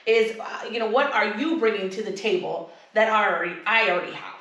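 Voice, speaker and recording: Animated woman in an echoey room. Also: a little fast, recorded from a distance. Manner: animated storyteller, acts out quotes in high voices. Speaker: podcast co-host. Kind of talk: casual chat. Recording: echoey room, voice set back from the mic.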